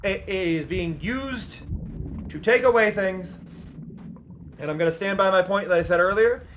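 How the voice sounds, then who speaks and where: A streamer from the United States talking live over gameplay, emphatic and worked up, repeating key points, at other times reading game text aloud in a playful, mocking way. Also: male voice, sits high, moderate pace, a bit bright, slight background noise. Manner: heated ranting, emphatic repetition.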